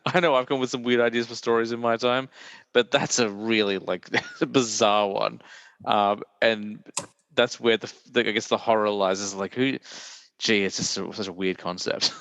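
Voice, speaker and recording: A man's voice: on the low side, steady tone, moderate pace, a bit bright, clean tone, dry recording. A man hosting a casual podcast, chatty and rambling, laughing often as he talks. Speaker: podcast host. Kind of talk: casual chat.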